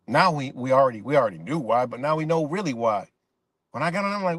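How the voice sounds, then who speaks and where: A man's voice: mid-range voice, animated, fast talker, fairly bright tone, no room sound. A man streaming live, delivering a rambling, profanity-laced rant in casual talk while reacting to chat comments.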